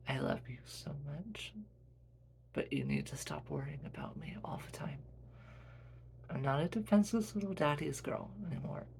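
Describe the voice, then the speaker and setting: A man voicing a devoted young wife who speaks hushed and soft, close to a whisper. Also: a little high, wildly swooping pitch, moderate pace, creaky, a little hiss or hum, exaggerated voice. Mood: tender.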